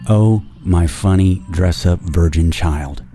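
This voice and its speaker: A man's voice: low-pitched, slow, gravelly, mellow, soft background music. A man reading a short story in the first person, intense and obsessive, lingering over each word. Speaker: narrator.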